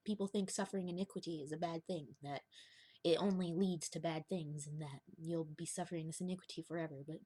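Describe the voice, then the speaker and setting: A young woman talks to camera in a loose, confessional ramble, often laughing and sinking into a whisper. Her voice sits low and slightly husky. The sound is dry and close, with no room around it. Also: steady tone, brisk, mellow, no room sound. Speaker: vlogger. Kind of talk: confessional casual monologue.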